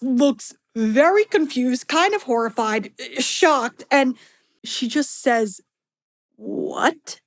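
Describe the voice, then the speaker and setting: A young woman in her twenties, hosting a podcast and telling a story in an animated, dramatic way, with quick giggles and playful swearing. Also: on the high side. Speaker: podcast host. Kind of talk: storytelling monologue.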